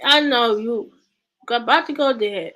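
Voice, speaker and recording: A woman with a high, bright voice leads a Bible study, reading scripture with casual commentary at a slow, unhurried pace. She stumbles and restarts over words as she reads, then breaks into chatty asides to her live viewers.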